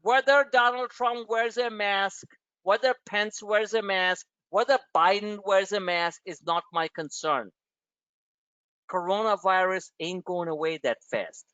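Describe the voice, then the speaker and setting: A man's voice: high-pitched, unhurried, pushed and bright, clean tone, dry recording, dull audio. A man hosting a stock trading webinar, talking bluntly and emphatically, swearing and repeating himself for effect. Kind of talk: live trading webinar rant.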